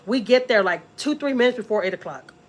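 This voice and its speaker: A woman's voice: a little high, quick pace, rough recording. A middle-aged woman, rambling and emphatic as she tells a family story on a live stream. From Houston, Texas. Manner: rambling and emphatic, many "you know" and "like" asides, animated when voicing others. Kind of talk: casual storytelling.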